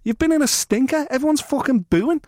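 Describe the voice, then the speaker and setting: A man's voice: extremely high pitch, fairly quick, a little mellow, dry recording, clean studio sound. A man co-hosting a sports podcast, talking casually and bluntly, swearing freely and ranting. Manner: blunt, swears freely, rants with mock quotes. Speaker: podcast co-host.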